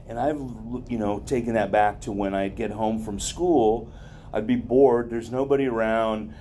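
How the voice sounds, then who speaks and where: Warm-voiced man giving a rambling motivational talk. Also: mid-range voice, a little hiss or hum. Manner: rambling, conversational, with many asides.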